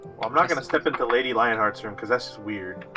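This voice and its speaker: A man's voice: medium pitch, animated, fast talker, music in the background. A man playing a tabletop game, joking around and working through details aloud. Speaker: player. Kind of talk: casual tabletop game play.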